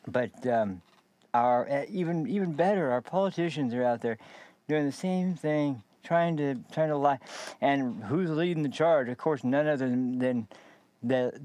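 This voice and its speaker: A man's voice: mid-range voice, a little mellow, dry recording. A man hosting a political commentary show, rambling and sarcastic with many fillers and restarts. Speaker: podcast host.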